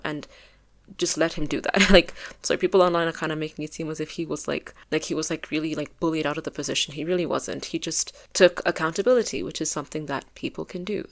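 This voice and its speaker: A woman's voice: low-pitched, quick pace. A young woman giving opinionated casual commentary as a video essayist, with lots of fillers. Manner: opinionated, filler-heavy, conversational.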